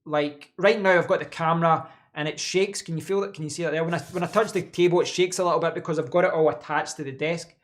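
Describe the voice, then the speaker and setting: A man's voice: a little high, fairly even intonation, quick pace, few pauses. A man hosting a casual live stream from his home office desk, answering chat in a rambling way and repeating words as he thinks.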